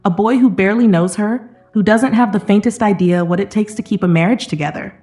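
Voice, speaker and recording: A woman voicing a cold, mocking, controlling husband who speaks low and menacingly. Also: a little fast, mellow, soft background music, close to an everyday voice.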